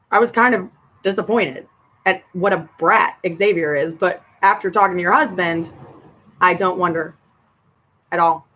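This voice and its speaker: A woman venting to her camera at her sister, bitter and profane, her voice dropping low or flaring hot. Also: a bit bright, rough recording. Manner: swings between muttering and heated outbursts. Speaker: vlogger addressing her sister. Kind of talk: personal rant to camera.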